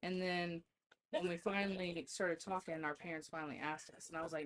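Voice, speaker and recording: Woman with a lowish voice, podcast guest, laughs a lot, cusses casually while telling stories. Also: steady tone, fairly quick, slight background noise. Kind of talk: casual storytelling chat.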